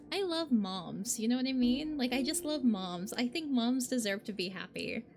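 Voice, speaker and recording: A woman streamer chatting casually while playing a game, animated and rambling, laughing often. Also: fairly high pitch, measured pace, faint music behind.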